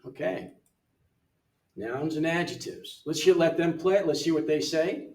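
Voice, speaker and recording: An older man working through an English app lesson in a relaxed way, thinking aloud and reading words off the screen, recorded from away from the mic in a room. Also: on the high side, unhurried, distant mic. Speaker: missionary English tutor. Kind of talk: casual walkthrough of an app lesson. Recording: roomy sound from away from the mic.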